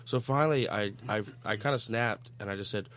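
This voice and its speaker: A man, a bartender and regular on a podcast, telling an animated story in casual chat with frequent restarts. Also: on the low side. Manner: animated, quick anecdotal delivery with restarts.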